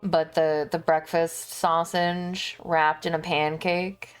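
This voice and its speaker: A young woman streamer chatting casually to her viewers while she shops online, thinking out loud and laughing often. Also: lowish voice, level tone, slow, clean tone, soft background music.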